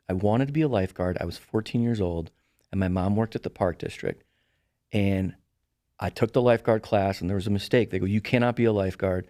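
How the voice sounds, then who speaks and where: A man's voice: fairly low pitch, dry recording, studio quality. A middle-aged man, a podcast guest, telling stories in a casual chat and acting out the people he quotes. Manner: animated storyteller, acts out quoted voices. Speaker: podcast guest, real estate broker.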